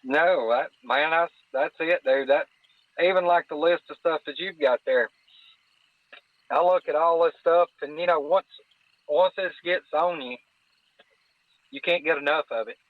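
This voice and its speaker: A man's voice: a little high, unhurried, long pauses, no echo. Earnest Southern man on a phone line. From North Alabama. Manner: folksy, earnest, repeats words while searching. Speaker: podcast guest. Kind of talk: casual chat.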